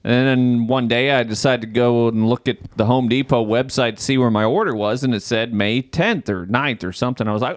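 In a gravelly, mid-range voice at normal speed, a podcast host recounts a story in casual conversation. He swears freely and plays up his own exasperation, and the studio sound is clean with no room sound.

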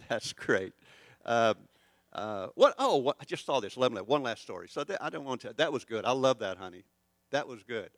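A man's voice: mid-range voice, a bit bright, dry recording. Older male pastor, rambling and chatty. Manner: rambling, chatty and self-deprecating. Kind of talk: conversational sermon with stories.

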